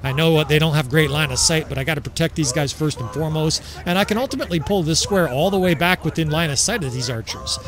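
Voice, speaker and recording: A man giving casual, excitable gameplay commentary as he sets up a battle, swearing freely and laughing often. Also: fairly high pitch, fast, few pauses, a crowd in the background.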